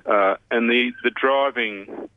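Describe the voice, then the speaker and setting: A man, an institute head interviewed on radio, explaining things in a measured way with many pauses. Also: mid-range voice, dry recording. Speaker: CEO of a health research institute. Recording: muffled phone line.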